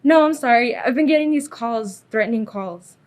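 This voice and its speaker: A woman's voice: fairly high pitch, animated, moderate pace, lightly acted. A woman reading a frightened babysitter. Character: frightened young female babysitter.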